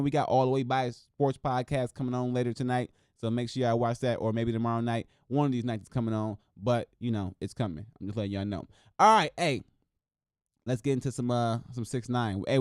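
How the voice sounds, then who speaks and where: A man from Wisconsin hosting a casual solo show, reacting to scores and news in a loose, excitable, slangy way and talking straight to his viewers. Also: mid-range voice, no room sound, clean studio sound. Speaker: host.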